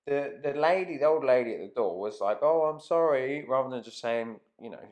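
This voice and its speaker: A man's voice: mid-range voice, animated, fairly quick, a little mellow. A man telling a rambling, casual anecdote to camera, swearing freely and trailing off mid-sentence. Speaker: vlogger.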